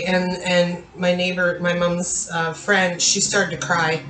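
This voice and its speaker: A woman's voice: fairly low pitch, level tone, takes it slowly, a bit bright, soft background music. Candid woman talking in a roomy space. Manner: candid, confiding storytelling with fillers. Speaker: therapist and channel host. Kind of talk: personal talk to camera. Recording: roomy echo with faint ambience.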